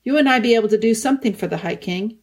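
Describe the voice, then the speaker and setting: A woman's voice: fairly high pitch, lively intonation, quick pace, a little mellow, breathy edge. A woman voicing a loyal young prince who talks tensely and eagerly.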